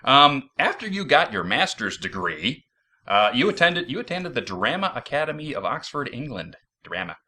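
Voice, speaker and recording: A man's voice: mid-range voice, big pitch swings, moderate pace, sharp tone. A man hosting a casual podcast interview, upbeat and joking, full of enthusiasm. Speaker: host. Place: San Jose, California.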